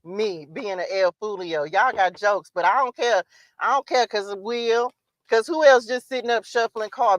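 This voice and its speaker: A woman tarot reader hosting a casual livestream, animated and chatty, often laughing as she talks to her viewers. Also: medium pitch, normal speed, no echo.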